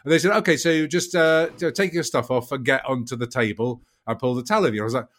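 A man's voice: on the high side, racing, few pauses, a bit bright. A man co-hosting a podcast, telling stories in a rambling, stammering way. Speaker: podcast co-host. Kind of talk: casual chat.

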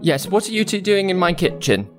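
A man's voice: high-pitched, sing-song, a little fast, over loud music, voice pushed up. A man playing a pompous bratty boy lord. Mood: haughty. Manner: haughty, pouting.

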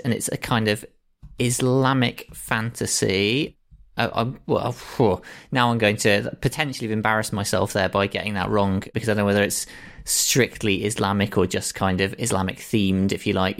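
A man's voice: on the low side, steady tone, moderate pace, creaky. A man chatting as a podcast guest, rambling and correcting himself as he recommends favourites. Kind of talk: casual chat.

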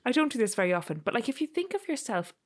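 A woman's voice: a little high, big pitch swings, racing. A woman co-hosting a candid chat, sweary and self-deprecating, acting out her own inner voice as she tells stories. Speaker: podcast co-host.

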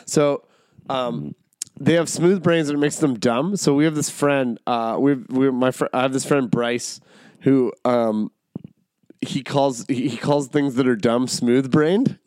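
A man in a loose, profane podcast chat. His voice sits at a middle pitch. The sound is dry and close, with little room to it. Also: unhurried, a little mellow, dry recording. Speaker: podcast host. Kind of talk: casual chat.

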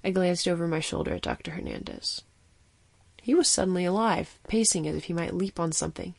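Woman reading a story out, low voice with gravel in it, steady and vivid. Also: a little fast, no room sound. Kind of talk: scripted narration of a fiction story.

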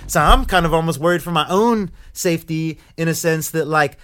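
A young man, a guest in a casual interview, telling a story in an animated way that gets loud when he acts out anger. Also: a little high, fairly quick, clear, resonant tone.

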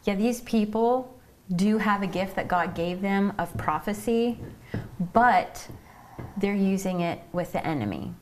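A woman's voice: mid-range voice, lively intonation, a little slow, slight background noise. A woman from Ohio with a mid-range voice talks earnestly on a faith podcast. She explains step by step in a casual, conversational way. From Ohio, United States. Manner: earnest, explanatory, frequent "mm-hmm" backchannel. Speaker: podcast co-host. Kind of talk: casual faith chat, teaching.

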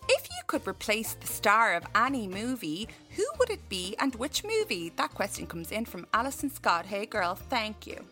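Bright, lively Irish woman co-host. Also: medium pitch, normal speed, hardly any pauses, soft background music. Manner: playful, teasing, lively. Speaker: podcast co-host. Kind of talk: casual chat.

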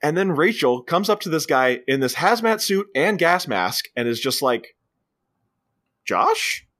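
A man's voice: fairly high pitch, expressive, normal speed, fairly bright tone. A man co-hosting a podcast, casually retelling a film's scenes and jumping into quoted voices. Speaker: podcast co-host. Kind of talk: casual movie review chat.

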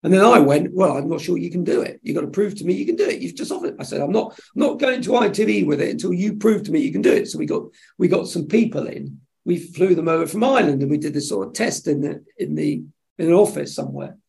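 A man, a television executive, telling lively anecdotes in an interview and acting out the dialogue. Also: on the high side, quick pace, vocal fry. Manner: animated storyteller acting out dialogue. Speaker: television executive, podcast guest.

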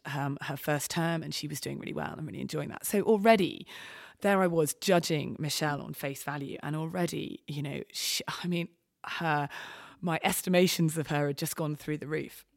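A woman's voice: low-pitched, steady tone, a little fast, vocal fry, no room sound, studio quality. Candid woman medic telling a story. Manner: hesitant storytelling with frequent ums and restarts. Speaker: expedition medic guest. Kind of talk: candid anecdote in conversation.

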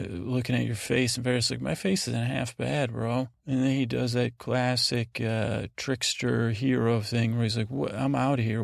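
A man hosting a podcast, rambling through a slow, meandering recap full of fillers and casual paraphrased dialogue. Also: medium pitch, vocal fry, no room sound, clean studio sound. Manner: paraphrases scenes in casual voices. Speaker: podcast host.

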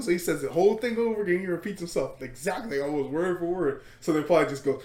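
A man hosting a podcast, retelling a story in casual chat, animated and laughing, with lots of fillers and swearing. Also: fairly high pitch, quick pace, few pauses, reverberant. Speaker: podcast host.

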